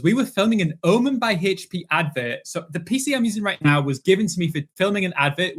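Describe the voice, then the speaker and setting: A man's voice: a little high, a bit bright. A man telling casual, sweary anecdotes on a podcast, often laughing. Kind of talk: casual chat.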